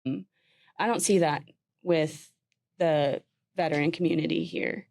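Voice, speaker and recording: A woman's voice: sits low, steady tone, unhurried, creaky, a little mellow. A woman, a podcast guest talking earnestly and casually with many "like" fillers. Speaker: guest, former communications manager. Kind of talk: casual interview chat.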